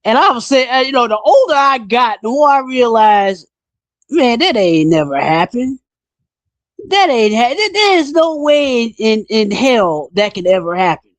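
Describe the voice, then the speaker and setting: A man hosting a casual podcast chat, talking bluntly and in an animated way, his pitch jumping up when he gets riled. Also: measured pace, dry recording. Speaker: podcast host.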